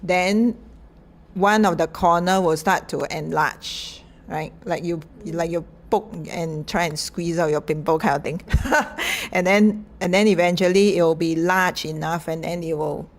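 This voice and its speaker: A middle-aged woman gives an informal lecture. She talks slowly and in a fairly low voice, chatty, with lots of fillers and light laughs. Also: steady tone.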